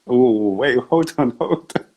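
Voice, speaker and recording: A man hosting a casual interview, easygoing, often answering with quiet "mm" sounds and chuckles. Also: medium pitch, expressive, unhurried, highs cut off. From United Kingdom. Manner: easygoing, frequent "mm" affirmations, chuckles. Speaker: podcast host.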